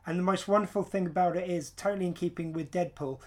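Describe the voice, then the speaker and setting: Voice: medium pitch, fairly even intonation, fast. A podcast host from the United Kingdom, chatting casually and telling anecdotes with fillers. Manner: conversational, storytelling with fillers. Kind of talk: casual chat.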